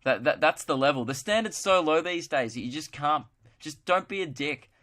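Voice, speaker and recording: Young male podcast host, slightly high voice, rambling jokey chat. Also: lively intonation, moderate pace, a bit bright. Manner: rambling, joking, self-mocking. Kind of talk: casual solo podcast chat.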